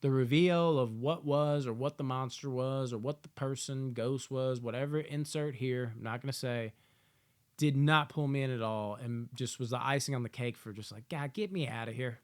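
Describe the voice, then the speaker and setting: A man giving a casual movie review, swearing often and acting out characters in loud, yelling asides. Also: medium pitch, moderate pace, clean tone.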